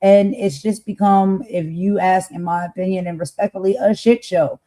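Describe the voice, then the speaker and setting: A woman gives her political opinions in a loose, slangy style and leans hard on her points. Her tone is mellow and warm, without brightness. She sounds like a relaxed co-host in a live chat. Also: medium pitch, normal speed, low-quality recording. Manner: conversational, emphatic, slangy. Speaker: co-host of a political talk show. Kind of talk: casual political commentary.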